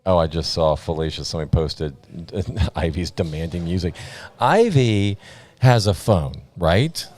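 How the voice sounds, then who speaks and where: Low and a little mellow, a man's voice moves at a measured pace as he commentates a live sports stream. His banter is casual, rambling and jokey, with frequent laughs.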